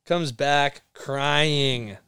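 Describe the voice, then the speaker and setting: A man's voice: fairly high pitch, steady tone, extremely slow, bright, forceful tone, smooth, no room sound. A young man, a podcast guest, telling rambling stories in casual chat, swearing a lot and laughing as he goes. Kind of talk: casual storytelling.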